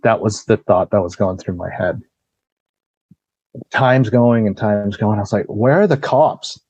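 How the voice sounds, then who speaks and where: A man's voice: fairly low pitch, steady tone, a little slow, a little mellow, dry recording, lo-fi sound. A man who is a podcast guest, recounting a personal ordeal in casual, blunt, profane storytelling full of "you know" and "like".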